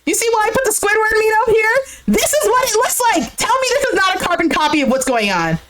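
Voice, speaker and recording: A young woman recaps a show in a bright, high voice that swings widely up and down. She talks casually and exclaims often, laughing along with her own story. A steady noise hangs behind her in the recording. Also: quick pace. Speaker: recap streamer.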